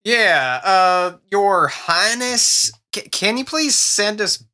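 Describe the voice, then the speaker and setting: Easygoing guy at the game table, really bright voice, lively pitch. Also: slow pace. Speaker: player.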